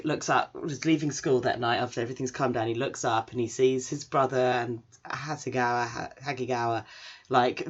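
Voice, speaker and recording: Chatty anime recapper. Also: mid-range voice. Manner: chatty, rambling, does character voices. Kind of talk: casual episode recap. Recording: dull lo-fi recording.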